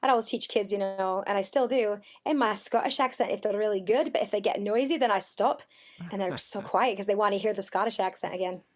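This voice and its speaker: A woman's voice: mid-range voice, brisk. Chatty woman guest in her forties. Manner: chatty, animated storyteller. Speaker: podcast guest. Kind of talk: casual conversational interview. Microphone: remote call.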